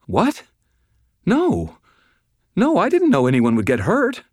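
A man voicing a frightened woman who stammers and squeaks in panic, reading an audiobook. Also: wildly swooping pitch, slow pace, dry recording, studio quality, full character voice. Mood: panicked. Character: terrified stammering woman, office professional.

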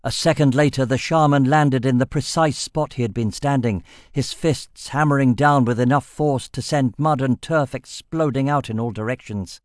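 A man narrating a fantasy audiobook in a steady, measured storytelling voice. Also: mid-range voice, no echo, studio quality.

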